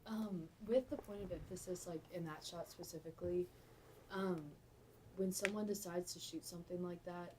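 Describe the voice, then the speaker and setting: A woman student asking a halting question during a lecture. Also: on the low side, steady tone, background noise.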